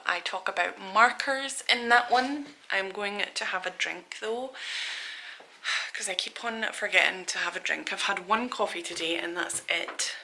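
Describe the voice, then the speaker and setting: A woman's voice: mid-range voice, pushed and bright. A woman in her thirties from Scotland, chatting casually and rambling in a studio vlog, laughing at herself. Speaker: artist vlogger.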